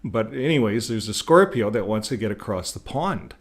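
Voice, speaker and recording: A man's voice: on the low side, lively intonation, moderate pace. Older man rambling casually to camera. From Canada. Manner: rambling, repeats words, chuckles. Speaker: YouTube channel host.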